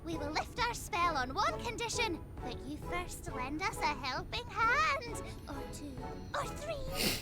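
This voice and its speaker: A woman voicing a small mischievous female pixie in a video game, with a high sing-song voice, played over loud game music. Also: sing-song, unhurried, exaggerated voice. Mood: teasing.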